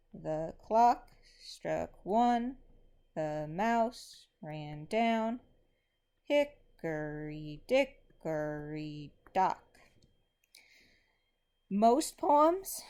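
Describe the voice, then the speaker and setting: A woman teacher explaining poetic meter to her class with patient fillers, reading verse slowly with heavily stressed beats. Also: medium pitch, a little mellow. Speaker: English teacher.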